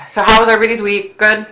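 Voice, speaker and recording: A woman with a mid-range, sharp-toned voice speaks in a roomy-sounding space. She's a psychic and livestream host who chats casually with viewers, reads their comments aloud, and uses "like" and "you know" frequently.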